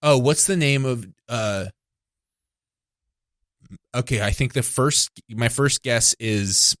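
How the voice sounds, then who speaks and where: A man in his thirties hosts a comedic podcast, his mid-pitched voice rambling along and breaking off mid-thought. He laughs easily as he talks. The sound is dry and close, with no room around it. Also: fairly bright tone, no echo. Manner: rambling, self-interrupting, quick to laugh. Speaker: podcast host. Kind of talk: casual comedic chat.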